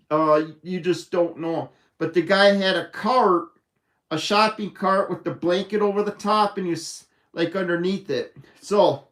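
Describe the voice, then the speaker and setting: A man chatting casually on a live stream, rambling with lots of fillers and restarts, from his home arcade room. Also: fairly high pitch. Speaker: vlogger.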